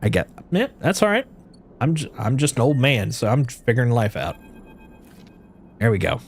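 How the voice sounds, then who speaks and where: A man's voice: mid-range voice, moderate pace, long pauses, a little hiss or hum. A man streaming a game, chatting animatedly to viewers, swearing and reading the story aloud. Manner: animated, swearing, talks to chat. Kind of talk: gameplay commentary and reading aloud.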